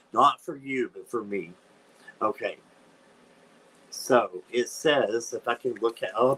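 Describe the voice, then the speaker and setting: A man in middle pitch reads cards on a live stream in a chatty, easy tone. He breaks into dramatic squeals of disgust now and then, and his voice stays ordinary and unforced. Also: a bit bright, breathy edge. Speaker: tarot reader, channel host. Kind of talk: live-stream card reading.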